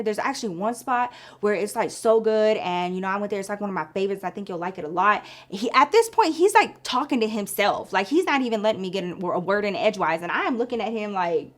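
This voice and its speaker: A woman in her thirties telling a story to her viewers in a casual, animated way, swearing freely. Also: mid-range voice, moderate pace, hardly any pauses. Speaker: vlogger.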